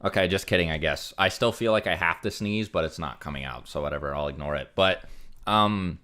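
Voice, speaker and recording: Young man, streamer, deep voice, rambling casual chat, lots of fillers. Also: fairly quick, pushed and bright. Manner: rambling, many fillers, reads out donations.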